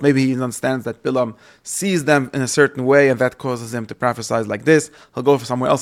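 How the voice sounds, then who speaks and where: Gravelly man teaching scripture. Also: medium pitch. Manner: reads Hebrew verses aloud and translates them, with fillers and restarts. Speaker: Bible teacher. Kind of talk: explanatory lesson on scripture.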